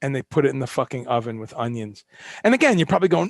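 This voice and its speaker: Impassioned man with a gravelly voice. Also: mid-range voice, big pitch swings, fast talker, dry recording, clean studio sound. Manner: impassioned, ranting, swears, rhetorical questions. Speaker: host. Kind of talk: live-streamed solo talk.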